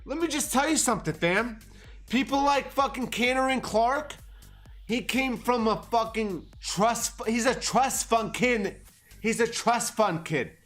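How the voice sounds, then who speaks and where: A man's voice: very high-pitched, measured pace, fairly bright tone, faint music behind. A man ranting on a livestream about markets, profane and agitated. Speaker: market commentary streamer. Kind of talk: livestream rant.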